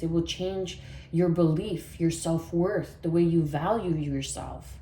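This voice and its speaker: Woman tarot reader from Canada, low mellow voice, rambling soft delivery, echoey room. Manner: soft, meandering, with many fillers and affirmations. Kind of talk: spiritual tarot reading.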